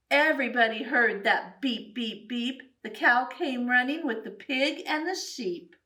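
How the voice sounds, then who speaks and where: A woman reading a picture book aloud for children in an animated, sing-song way, making animal sounds along the way. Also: a little high, unhurried, hardly any pauses, far from the mic. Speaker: children's storyteller.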